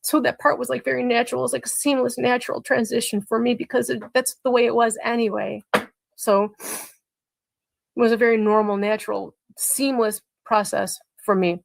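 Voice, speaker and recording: A woman with a gravelly, creaky edge to her voice, heard as a guest on a live-stream interview. She talks haltingly, restarting and trailing off often. The sound is dry and close. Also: on the high side, fairly even intonation, no echo. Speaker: guest, mother in a crash case.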